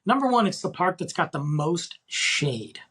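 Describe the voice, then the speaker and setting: Man in his thirties, solo podcast host, raspy tone, eager and loose delivery. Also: a little high, big pitch swings, a little slow, fairly bright tone. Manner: enthusiastic, rambling, slangy. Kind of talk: casual podcast monologue.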